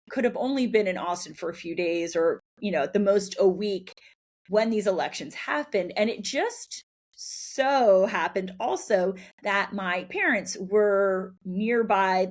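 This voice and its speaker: A woman hosting a solo podcast, telling a personal story in a candid, reflective way with soft laughs between phrases. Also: medium pitch, a little slow. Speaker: podcast host.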